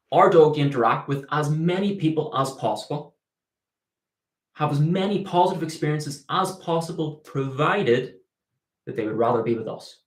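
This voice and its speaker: His voice a little high and the room echoey, a man who trains dogs takes viewer questions live, explaining through everyday comparisons and voicing the dog's thoughts.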